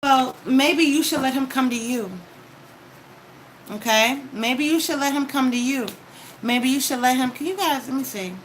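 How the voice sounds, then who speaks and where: A woman's voice: high-pitched, moderate pace, a little hiss or hum, low-quality recording. A woman giving a casual tarot reading, talking straight to the viewer with advice and frequent "okay?" check-ins. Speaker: tarot card reader.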